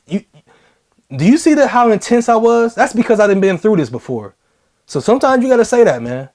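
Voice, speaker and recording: A man's voice: high-pitched, sing-song, fairly quick, a little mellow. A young adult man giving blunt, slangy advice in a casual vlog, repeating key phrases for emphasis.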